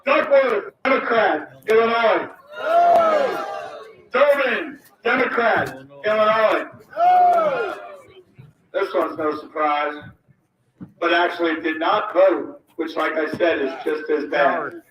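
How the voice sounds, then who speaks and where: A man's voice: high-pitched, slow pace, pauses often, dull audio. A man speaking to a rally crowd, reading a list of names aloud, apologizing for mispronouncing them and pressing his points with emphasis. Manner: emphatic, calls out lines. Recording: roomy, distant mic, loud crowd.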